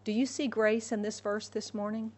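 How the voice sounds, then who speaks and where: Woman preaching an animated sermon. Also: mid-range voice, moderate pace. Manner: animated, acts out dialogue with God and Moses.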